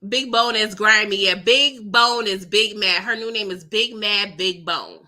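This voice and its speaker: A woman's voice: mid-range voice, unhurried, sharp tone. A woman hosting a live show recap, chatting casually, laughing often and reading viewer comments aloud. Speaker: recap livestream host.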